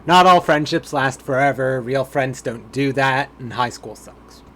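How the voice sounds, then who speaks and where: A man's voice: medium pitch, unhurried, fairly bright tone. A man streaming a game, chatting playfully as he picks dialogue options. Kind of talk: casual game commentary.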